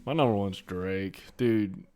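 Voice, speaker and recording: A man's voice: lowish voice, takes it slowly, warm tone, a little hiss or hum. A young man co-hosting a podcast in casual chat, laid-back, slangy and profane. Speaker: podcast co-host.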